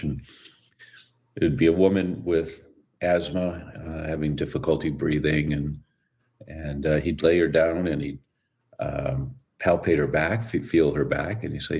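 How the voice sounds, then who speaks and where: A man telling stories as a guest in an interview, relaxed and acting out the voices of people he quotes. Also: rumbling low, a little slow. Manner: relaxed storyteller who acts out quoted voices. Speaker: guest, chiropractor. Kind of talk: storytelling interview answer.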